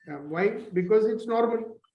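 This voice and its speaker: High-voiced Indian man coaching on a call. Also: normal speed, reverberant, dull audio. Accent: Indian English. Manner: teasing, questioning, lively storyteller. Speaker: leadership coach hosting a morning call. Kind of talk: conversational coaching talk. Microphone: video call.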